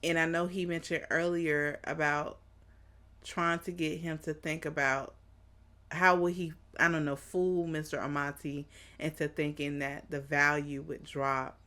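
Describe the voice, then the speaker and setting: Slow-talking woman reacting to anime. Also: low voice. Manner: animated, laughs a lot, thinks out loud. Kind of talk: casual reaction commentary.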